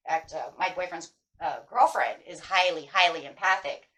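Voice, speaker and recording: A woman tarot reader with a somewhat low voice talks her viewers through spiritual advice in a casual way. She is earnest and emphatic, repeats her key phrases, and keeps tagging her points with a quick "right?". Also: a bit bright, low-quality recording.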